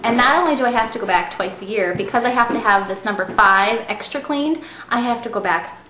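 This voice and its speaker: A woman's voice: on the high side, fairly quick. A woman in her thirties casually telling a rambling story to the camera, chatty and often laughing as she goes. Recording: echoey room with faint hiss.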